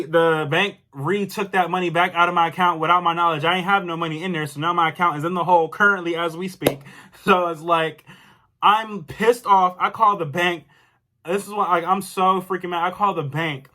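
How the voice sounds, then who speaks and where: A man's voice: high-pitched, normal speed, pushed and bright. A young man telling a storytime vlog in an angry, exasperated rant, full of casual slang and repetition. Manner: angry, exasperated, loose slang, repeats himself. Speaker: vlogger.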